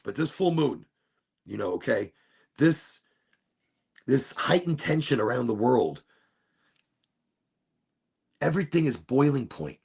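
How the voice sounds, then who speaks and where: A man in a casual, rambling vlog monologue, talking slowly and emotionally with restarts and sighs, indoors at home. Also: medium pitch, very animated, vocal fry, darkish tone, breathy edge. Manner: slow, dreamy and emotional, with many restarts and sighs. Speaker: vlogger.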